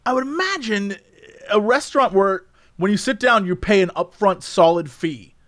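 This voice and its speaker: A man's voice: sits high, expressive, moderate pace, fairly bright tone, no echo, clean studio sound. A young man in casual chat, thinking aloud and musing with restarts.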